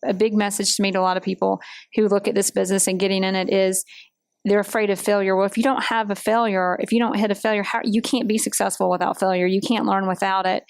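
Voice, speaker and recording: A woman's voice: medium pitch, little pitch movement, quick pace, gravelly, dry recording. Encouraging woman hosting an interview. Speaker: host. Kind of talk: casual interview talk.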